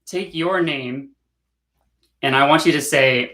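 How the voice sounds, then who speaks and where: A man teaching an online hand drumming workshop, relaxed and encouraging, and chanting phrases in rhythm. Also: on the high side, slow pace. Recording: echoey room with drumming.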